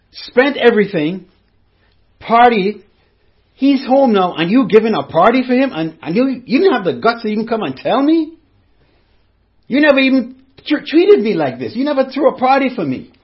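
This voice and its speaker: A man's voice: sits high, muffled recording. A man voicing a resentful grown older brother who complains indignantly in a retold parable.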